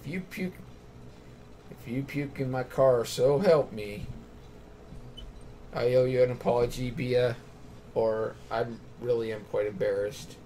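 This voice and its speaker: A man's voice: mid-range voice, measured pace, pauses often, warm tone, slight background noise. A man playing through a story game, reading the characters' dialogue aloud and then picking which line to go with. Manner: reads out dialogue choices, then picks one. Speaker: let's play gamer.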